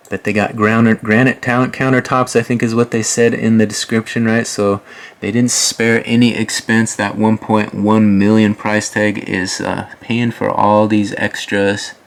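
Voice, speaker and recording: A man hosting a house tour, chatting casually over the photos with folksy asides to his viewers. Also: lowish voice. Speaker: host.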